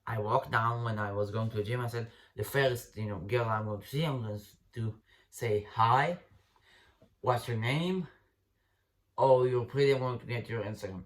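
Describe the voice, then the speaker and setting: A man's voice: fairly low pitch, fairly bright tone. A man giving dating advice in a casual, unscripted rant, blunt and profane, rambling with restarts and calling the listener bro.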